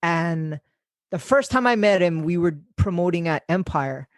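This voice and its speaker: A young man hosts a podcast in casual chat. He tells stories in a loose, animated way, swearing and laughing as he acts out quotes. The recording is close and dry. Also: on the high side, measured pace, no room sound. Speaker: podcast host.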